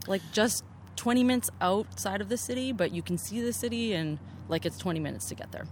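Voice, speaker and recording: A woman's voice: mid-range voice, a little fast, slight background noise. A woman choreographer chatting in an interview outdoors, upbeat and full of "like" fillers. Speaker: choreographer and assistant director. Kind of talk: casual interview chat. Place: open-air theatre venue, outdoors.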